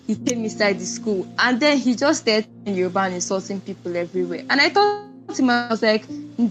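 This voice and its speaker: A woman with a Nigerian accent hosting and moderating a book club discussion in a brisk, conversational way. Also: mid-range voice, lively intonation, music in the background, rough recording.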